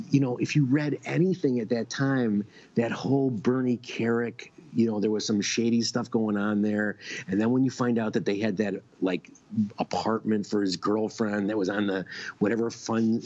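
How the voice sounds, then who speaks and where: A man's voice: on the low side, steady tone, moderate pace, darkish tone. A man guesting on a casual radio show, telling long stories with many restarts and fillers. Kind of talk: casual radio chat, storytelling. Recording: dull lo-fi stream audio.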